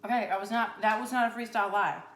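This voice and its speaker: A woman's voice: medium pitch, fast talker, a bit bright, echoey room. A woman hosting a comedic cooking show on a live stream, rambling through a mock-boastful, tongue-in-cheek story.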